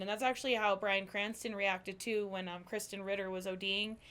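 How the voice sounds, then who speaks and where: A woman hosting a casual interview, chatty and quick to laugh, filling her talk with "like" and "you know what I mean". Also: medium pitch, fairly even intonation, a bit bright, smooth. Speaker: podcast host.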